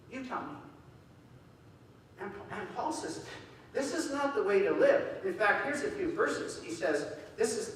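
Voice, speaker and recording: Animated male preacher, high voice, distant mic in a reverberant hall. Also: slight background noise. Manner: animated, acts out quoted voices. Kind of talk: sermon. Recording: echoey hall from far off.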